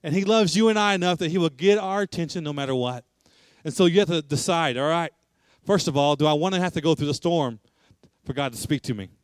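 A man's voice: a little high, fast talker, clear, resonant tone, dry recording. A man preaching a sermon, emphatic and repetitive, asking rhetorical questions.

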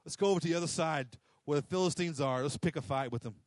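A man's voice: a little high, quick pace, no echo, clean studio sound, voice pushed down, close to an everyday voice. A man doing an eager, scheming young warrior. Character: Jonathan, a bold young male warrior.

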